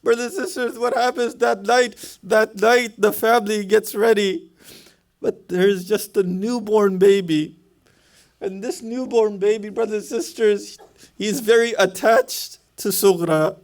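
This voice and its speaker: A man giving a storytelling sermon, retelling events in the present tense and putting rhetorical questions to his listeners. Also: very high voice. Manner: poses rhetorical questions to the audience. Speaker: speaker at a religious center.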